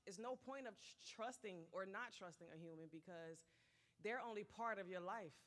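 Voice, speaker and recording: A woman's voice: medium pitch, normal speed, fairly bright tone. A woman adding a point during a church sermon, speaking casually and hesitantly, with fillers. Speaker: pastor's wife speaking from the congregation. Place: church sanctuary.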